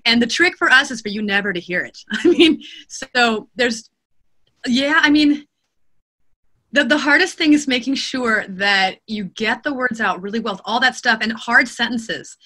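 A woman audiobook narrator chatting in an interview. Her voice sits high with a bright edge. She talks in an animated way, laughs easily and slips into acted quotes. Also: moderate pace. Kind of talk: interview conversation. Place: home studio.

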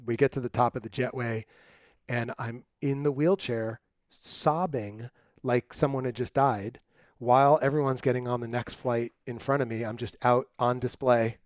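Middle-aged male podcast host, lively storyteller, close and dry sound. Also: mid-range voice, moderate pace, no echo. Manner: animated storyteller, acts out quotes. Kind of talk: casual interview chat.

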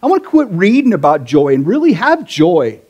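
A man's voice: high-pitched, wildly swooping pitch, normal speed, a little mellow, breathy edge, muffled recording. A middle-aged man, a pastor, preaching a sermon in a casual, conversational way with slang.

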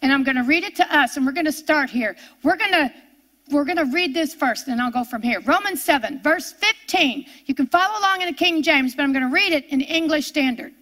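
An older woman delivers a sermon in a high, bright voice. She lingers on key words with heavy emphasis, then rushes through quick asides to her listeners. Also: lively intonation. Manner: emphatic, drawn-out preaching with sudden fast asides. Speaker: preacher.

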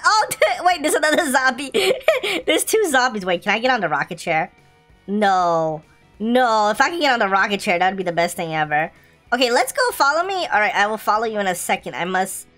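A woman's voice: sits high, sharp tone. A young woman commentating a zombie video game, playful and giggly, often reading the game's lines aloud. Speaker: gaming YouTuber. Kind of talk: let's-play commentary.

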